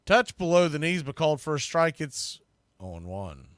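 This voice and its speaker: Dry, fairly high-voiced baseball announcer man. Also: very animated, normal speed, dry recording. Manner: conversational, analytical, bursts louder on big pitches. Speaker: play-by-play announcer. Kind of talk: baseball play-by-play commentary.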